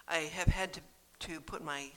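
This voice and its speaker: Gravelly, bright reflective speaker. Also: medium pitch, steady tone, normal speed. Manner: gentle, earnest and reflective. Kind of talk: reflective personal talk.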